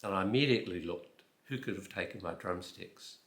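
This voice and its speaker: An older man in his eighties, raised in New Zealand but with an Australian accent, recounting an old story at an easy pace with fillers and dry asides. His voice is a little low and strikingly bright. The recording has a noticeably echoey room sound. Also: fairly quick. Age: 80s. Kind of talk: relaxed personal anecdote.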